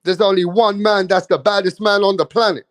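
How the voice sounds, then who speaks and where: A man's voice: high-pitched, fairly even intonation, fairly quick, fairly bright tone, no echo. A man quoting a boastful, foul-mouthed heavyweight boxer in a near-natural voice. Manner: boastful, cursing.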